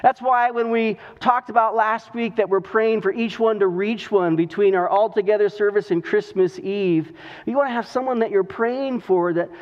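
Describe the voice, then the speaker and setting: A male pastor preaching a sermon with earnest storytelling and drawn-out emphasis on key words. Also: sits high, fairly even intonation. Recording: dull recording with long hall reverb.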